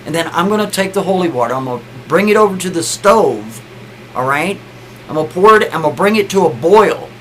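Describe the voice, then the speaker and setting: A man's voice: sits high, slight background noise, low-quality recording. Guy putting on a pushy pleading dude, keeps saying baby, listen. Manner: coaxing, repeats "baby" and "listen". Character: pleading, insistent grown man coaxing his partner.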